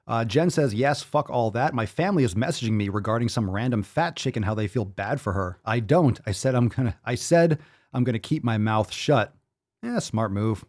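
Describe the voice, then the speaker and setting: A man's voice: medium pitch, lively intonation, normal speed, a little mellow. A man hosting a live-stream podcast, reading viewer comments aloud in a profane, hyped-up, sarcastic way. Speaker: podcast host.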